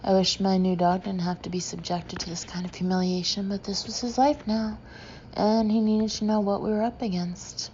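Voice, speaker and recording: A woman narrating a humorous memoir audiobook with a dry, deadpan delivery. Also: mid-range voice, moderate pace, highs cut off, slight background noise.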